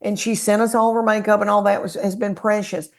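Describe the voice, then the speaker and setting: A woman's voice: mid-range voice, quick pace. A woman with a Southern American accent, a comedian telling folksy stories in a casual podcast chat. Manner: folksy, animated storyteller. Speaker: guest comedian.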